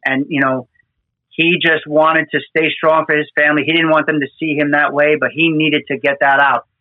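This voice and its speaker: A man's voice: a little high, level tone, normal speed, no room sound. A man who works disaster response, telling stories from the field in an earnest, emotional way that often repeats words. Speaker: disaster responder with New York fire department team. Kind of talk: conversational storytelling. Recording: tinny phone-like line.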